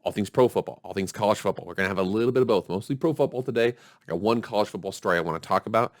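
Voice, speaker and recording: A man's voice: on the low side, racing, no echo, clean studio sound. A man hosting a football show in casual, upbeat commentary, chatty and hyping his viewers. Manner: upbeat and chatty, hypes the audience.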